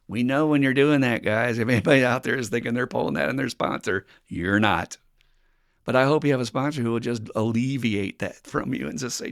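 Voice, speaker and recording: A man's voice: mid-range voice, lively intonation, fairly quick, vocal fry, fairly bright tone. A man from the United States hosting a podcast about recovery, speaking frankly and bluntly as a sponsor, swearing and laughing often. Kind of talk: candid podcast talk on recovery.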